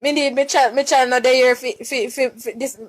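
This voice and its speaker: Speaking a little fast in a high-pitched, steady voice, a young Jamaican woman makes an emotional plea on a live stream. Close to tears, she begs for help, asks her listeners questions, and keeps repeating and starting over.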